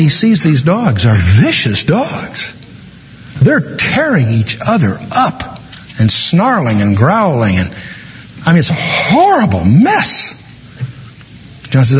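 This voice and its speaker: A man preaching a sermon, telling a story and slowing down dramatically for emphasis. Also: medium pitch, huge pitch swings, slight background noise. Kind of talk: sermon with a told joke. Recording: dull, reverberant hall recording.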